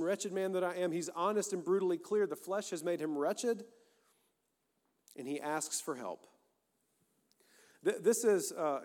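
Guy preaching a sermon, gets loud and intense in bursts, long reverb in the sanctuary. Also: fairly high pitch. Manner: earnest, emphatic preaching with rising bursts. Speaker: pastor. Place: church sanctuary.

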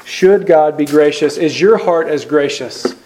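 A man's voice: a little high, a little slow, mellow, a little hiss or hum. A man, a pastor, preaching an earnest sermon full of questions and emphatic rises.

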